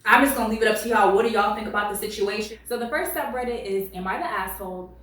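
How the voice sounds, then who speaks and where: A woman's voice: medium pitch, quick pace, distant mic. Sassy woman talking in an echoey room. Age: late 20s. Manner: animated, sassy, laughs a lot. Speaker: reddit story reader and commentator. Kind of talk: casual commentary vlog. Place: at home.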